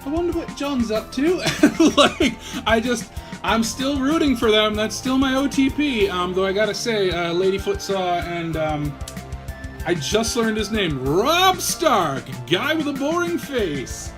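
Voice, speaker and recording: A man's voice: high-pitched, lively intonation, slow pace, over music. A man hosting a comedic vlog, rambling and swearing freely, tired and a bit loopy. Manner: profane, rambling, self-mocking and a bit loopy. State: tired from a marathon of viewing. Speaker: vlog host reviewing a TV series. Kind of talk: casual comedic rant to camera.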